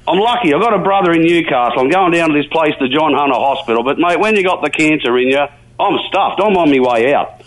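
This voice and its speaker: Older Australian caller, slightly high voice, rambling and colourful, over a radio line. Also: male voice, expressive, fast talker, poor audio. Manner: chatty, colourful, jumps between topics. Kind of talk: talkback radio call. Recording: radio call.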